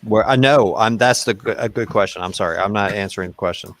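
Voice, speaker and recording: A man playing a tabletop game, voicing his character with booming threats. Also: fast, fairly bright tone, dry recording. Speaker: player.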